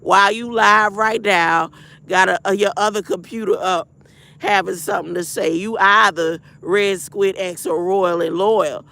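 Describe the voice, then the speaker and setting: A woman on a livestream who rambles and preaches as she answers her chat. Her voice is gravelly and bright, and she takes her time over every phrase. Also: mid-range voice, steady tone, unhurried. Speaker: livestream host. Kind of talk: livestream chat and spiritual affirmations.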